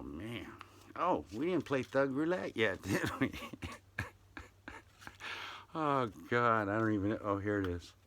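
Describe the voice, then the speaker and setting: Host, male, slow rambling delivery, exclamatory, faint background hiss. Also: on the low side, sharp tone. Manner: rambling, exclaims often, slips into silly voices. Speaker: show host. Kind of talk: casual solo talk show monologue.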